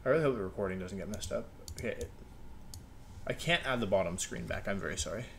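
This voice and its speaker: A man's voice: lowish voice, lively intonation, fast, gravelly, fairly bright tone, a little hiss or hum. Rambling young man at his desk. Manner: rambling, self-mocking, talks to himself. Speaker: gaming video creator. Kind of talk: casual streaming chatter. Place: home room at a desk.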